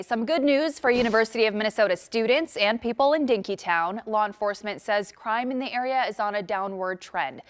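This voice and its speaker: A female news reporter reading a scripted crime-data story in an even, measured way. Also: medium pitch.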